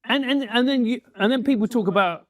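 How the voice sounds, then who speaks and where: A man's voice: very high-pitched, a little fast, no echo, studio quality. A male podcast host who interviews a guest, reflective and hesitant, with restarts as he works out his thought. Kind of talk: interview questions.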